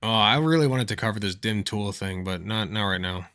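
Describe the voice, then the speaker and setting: A man's voice: on the low side, brisk, fairly bright tone. A man hosting a livestream, chatting casually and telling anecdotes, swearing freely and laughing at his own stories. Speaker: livestream host.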